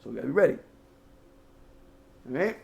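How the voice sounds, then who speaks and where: A man's voice: mid-range voice, very animated, brisk, vocal fry, roomy sound. A man hosting his own channel, giving loose, profane casual commentary and rapping old lyrics along the way. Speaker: channel host.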